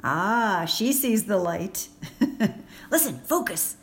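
A woman host talking casually as she teaches, chatty and quick to laugh, acting out example phrases as she goes. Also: mid-range voice, expressive, fairly bright tone. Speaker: podcast host.

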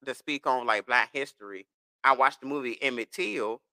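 A young man in casual podcast chat, animated, rambling and profane. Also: medium pitch, normal speed, clean tone, no echo, studio quality.

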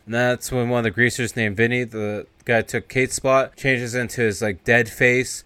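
A man's voice: medium pitch, fairly even intonation, a bit bright, clear, resonant tone, no room sound. Man casually recapping a movie. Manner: retells scenes loosely, slipping into quick character voices. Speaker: podcast host.

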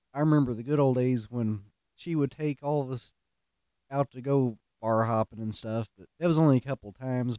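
A man's voice: medium pitch, a little mellow, no room sound, studio quality. Folksy man telling prank stories. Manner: folksy, self-mocking, laughs at own stories. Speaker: podcast host. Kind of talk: casual storytelling monologue.

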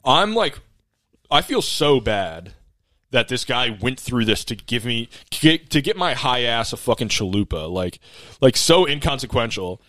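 A man's voice: mid-range voice, big pitch swings, unhurried, fairly bright tone, no room sound. Laid-back swearing young man telling a story. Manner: laid-back, profane, rambling. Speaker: podcast co-host. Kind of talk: casual storytelling chat.

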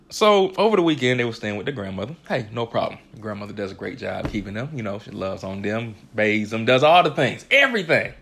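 A man in his thirties hosting a casual chat, telling animated stories and laughing often. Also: on the low side, a little fast, vocal fry. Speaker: podcast co-host.

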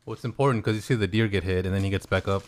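A man's voice: sits low, rapid-fire, a little hiss or hum. A man in casual podcast banter who mostly cuts in with short, dry remarks.

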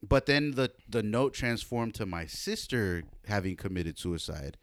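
Guy on a podcast rambling thru a story, swears a lot, smooth clear voice, dry sound. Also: on the low side, animated, measured pace, dry recording. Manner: profane, rambling storytelling with many fillers. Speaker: podcast co-host. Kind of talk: casual chat.

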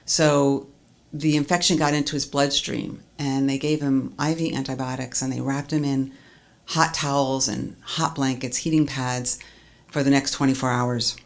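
A woman's voice: rumbling low, flat delivery, normal speed. A woman earnestly recounting a personal story as a testimony, stringing events together with "and".

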